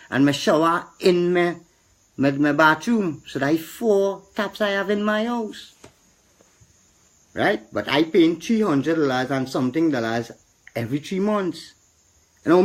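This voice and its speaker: A middle-aged man with a Trinidadian accent, complaining with indignation and repeating himself, rising to a preacherly tone. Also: sits high. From Trinidad and Tobago. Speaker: citizen speaking out. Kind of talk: impassioned street complaint.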